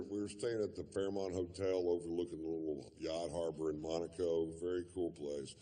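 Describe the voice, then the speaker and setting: A man's voice: sits low, steady tone, fairly quick, few pauses, warm tone. A man doing stand-up comedy, telling a long story in a laid-back, profane drawl full of fillers.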